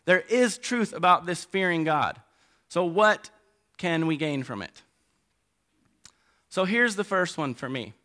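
A middle-aged man preaching a sermon, animated, swinging between loud emphasis and quiet asides. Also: on the high side, unhurried, pauses often.

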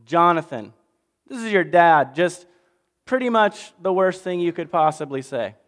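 Casual male pastor, slightly high, smooth voice, big reverb. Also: animated, a little slow. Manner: casual, jokey, swings from loud to hushed. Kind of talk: animated storytelling sermon.

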